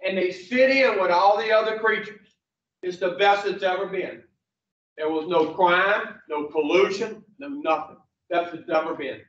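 A blunt man lectures a class in slow, folksy stories, joking and cursing as he goes. His voice is fairly high. He is heard from a distance in an echoey room on a dull, muffled recording. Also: fairly bright tone. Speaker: recovery program instructor. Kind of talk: folksy storytelling lesson.

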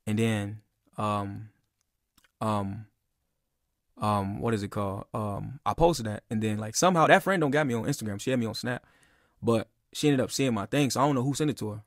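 A man's voice: lowish voice, normal speed, no room sound, clean studio sound. A young man telling a personal story in a casual, rambling and heated way, with lots of "bro" and "like.". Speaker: podcast speaker.

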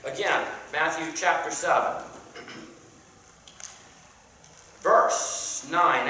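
A Sunday school teacher leading a Bible class in a church, talking conversationally with many pauses and questions to the class, and reading scripture aloud in King James wording. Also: mid-range voice, animated, bright, forceful tone. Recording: very echoey room, mic far off, faint background noise.

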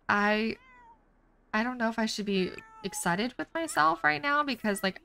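A woman's voice: mid-range voice, creaky, bright, forceful tone, clear, resonant tone. A woman hosting a casual let's play, chatty, jokey and exclamatory as she comments on her game. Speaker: gaming channel host.

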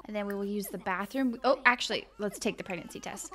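A woman's voice: medium pitch, fast talker, fairly bright tone. A young woman hosting a casual let's-play, chatting animatedly with her viewers while she plays. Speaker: gaming channel host.

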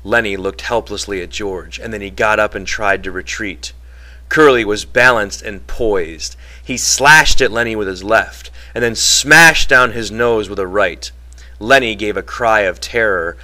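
A man narrating a novel as an audiobook in a measured, dramatic way. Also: lowish voice, pushed and bright. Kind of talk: novel reading.

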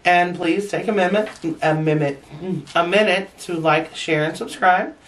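A woman's voice: lowish voice, measured pace, recorded from a distance. Chatty, laughing woman vlogger. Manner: chatty and frank, laughing often, with blunt swearing. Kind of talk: casual storytelling to camera.

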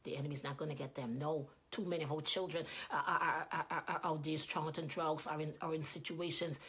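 A middle-aged woman preaching with fervor, her voice husky and set a little low. She drives her points with rising emphasis, then softens into hushed prayer. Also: steady tone, a little fast. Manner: impassioned, rising to emphatic peaks then dropping to quiet prayer. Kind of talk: sermon.

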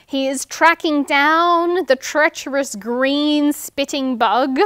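A high-voiced woman reads picture books and leads rhymes for small children in a sing-song, animated manner. She speaks slowly and clearly, and the sound is close and dry. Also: dry recording. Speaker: children's librarian. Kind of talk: children's storytime reading and rhymes.

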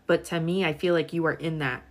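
A woman's voice: sits low, steady tone, a little fast. A young woman in her twenties doing a casual live-stream tarot reading, chatty and full of filler words while she talks to viewers. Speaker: tarot reader.

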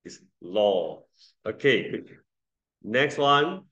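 Male classroom teacher, unhurried delivery, patient and repetitive, coaching vowel sounds. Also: fairly low pitch, expressive, bright, forceful tone, dull audio. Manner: slow, patient drilling, repeating sounds for students. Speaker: English pronunciation teacher. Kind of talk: classroom lesson.

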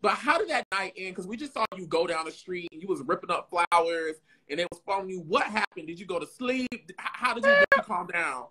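A woman's voice: lowish voice, animated, brisk, hardly any pauses, pushed and bright, slight background noise. A woman interviewer in a casual chat who reacts with slang and asks questions.

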